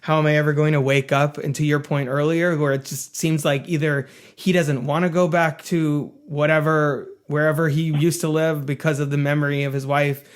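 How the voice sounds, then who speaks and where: Thoughtful man, slightly high voice. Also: flat delivery, smooth. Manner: thoughtful, halting restarts. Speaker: podcast co-host. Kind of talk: casual film discussion.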